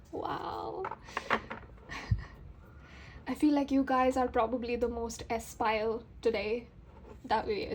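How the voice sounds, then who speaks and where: Chatty woman tarot reader, slightly high. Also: background noise. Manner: chatty, talks straight to viewers, many fillers; excitable, voice rises with enthusiasm. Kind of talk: casual tarot reading to camera.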